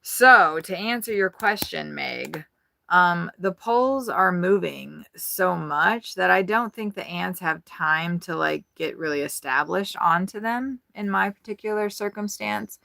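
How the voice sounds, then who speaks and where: A woman's voice: lowish voice, measured pace, gravelly, pushed and bright, no echo, clean studio sound. A woman vlogger giving a rambling, frank tour of her RV, chatting casually and swearing freely. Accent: Midwestern American. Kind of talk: casual chat. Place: inside an RV.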